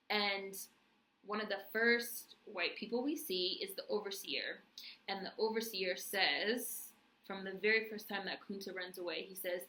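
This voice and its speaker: A woman's voice: medium pitch, normal speed, pushed and bright, echoey room, rough recording. A woman giving a casual spoken TV review, emphatic and full of "right?" asides. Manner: emphatic, frequent "right?" and "like" fillers. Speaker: TV recap vlogger.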